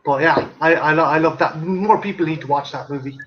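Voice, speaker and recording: High-voiced, enthusiastic swearing man. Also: fast talker, highs cut off, slight background noise. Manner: enthusiastic, swears, tells stories. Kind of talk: casual chat.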